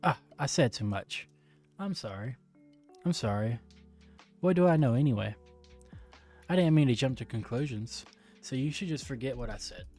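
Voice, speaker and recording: A man voicing a teen girl club president, reading her lines in a soft, coaxing way. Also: medium pitch, expressive, moderate pace, long pauses, faint music behind, close to an everyday voice.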